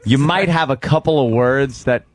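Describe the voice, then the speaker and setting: A man's voice: medium pitch, normal speed, no room sound. A man chiming into a radio show in casual chat, wry.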